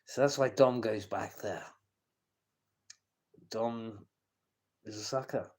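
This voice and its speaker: A man's voice: lowish voice, slow pace, a little mellow. A man ranting casually on a live stream, stammering and restarting his sentences, coarse and confrontational as he swears at people. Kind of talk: rambling live-stream rant.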